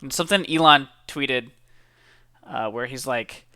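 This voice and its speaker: Bright, clear-voiced young man vlogging. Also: mid-range voice, a little slow, no echo, clean studio sound. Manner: talkative and upbeat, many fillers and repeats. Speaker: college student vlogger. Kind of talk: casual motivational chat to camera.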